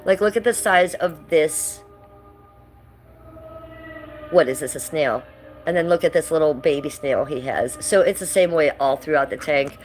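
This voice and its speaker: A woman's voice: low voice, poor audio. A middle-aged woman chatting casually on a livestream from her living room, blunt and given to swearing. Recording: music playing clearly behind.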